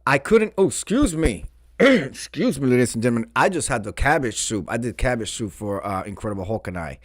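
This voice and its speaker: A man's voice: mid-range voice, expressive, fairly quick, no echo, clean studio sound. A man hosting a casual show, reading confessions aloud with campy, sassy asides. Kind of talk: casual chat.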